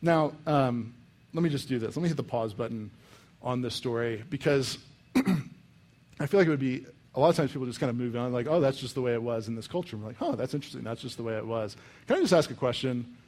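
A young man from the United States preaching a sermon in a casual, animated way, full of "like" and "um". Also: medium pitch, fast talker. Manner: casual and animated, many fillers like "like" and "um". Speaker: pastor. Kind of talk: conversational sermon.

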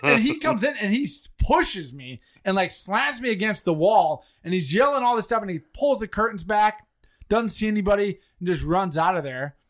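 A high-pitched man speaking at normal speed co-hosts a podcast, with no room sound in the recording. In casual chat with friends he tells a funny story, animated and laughing as he goes.

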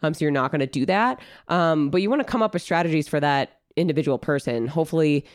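A woman co-hosting a podcast in casual chat, a little nasal from a cold, giving relaxed coaching advice with many fillers. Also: low voice, fast, no room sound, studio quality. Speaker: podcast co-host and trainer.

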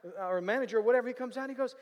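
Man, sermon-style storytelling, high voice, animated with loud bursts, long hall reverb. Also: racing. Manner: animated, bursts of loud emphasis, repeats "you know what I'm saying".

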